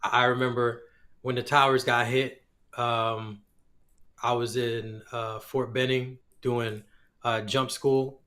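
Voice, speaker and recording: A man's voice: mid-range voice, flat delivery, takes it slowly, sharp tone. A man chatting casually on a podcast, laid-back, often chuckling and trailing off. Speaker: podcast co-host.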